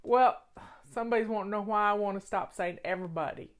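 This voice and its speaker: A woman's voice: medium pitch, fast. An older woman with a Southern American accent, hosting a casual, folksy live chat in a chatty, rambling way. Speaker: host.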